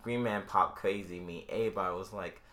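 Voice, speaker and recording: A man co-hosting a casual podcast chat, telling convention stories and jumping into loud, high-pitched voices when he acts out what people said. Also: fairly even intonation, brisk. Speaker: podcast co-host.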